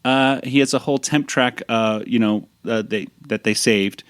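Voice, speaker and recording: A man's voice: medium pitch, moderate pace, clear, resonant tone, no echo, clean studio sound. A man hosting a podcast in casual chat, rambling with restarts and talking fondly about old cartoons. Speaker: podcast host.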